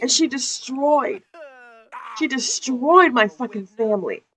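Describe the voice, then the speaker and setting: A woman's voice: high-pitched, lively intonation, slow pace, bright, forceful tone, voice pushed up, heavily acted. A woman voicing a furious, foul-mouthed young gangster. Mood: angry. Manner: swearing, aggressive, blunt. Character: hot-headed young male gangster bent on revenge.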